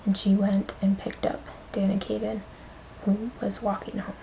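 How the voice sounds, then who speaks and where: A woman's voice: medium pitch, level tone, moderate pace, vocal fry, warm tone, a little hiss or hum, poor audio. A young woman vlogger and mother telling a story in a shaky, emotional voice, often dropping to a whisper, close to tears. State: on the verge of tears. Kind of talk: casual storytime vlog.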